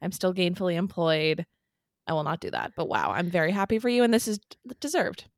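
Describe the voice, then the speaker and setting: Young woman co-host, low-ish voice, supportive and chatty, dry close sound. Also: expressive, no room sound. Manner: supportive reactions, quick laughs. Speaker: podcast co-host. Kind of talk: casual chat.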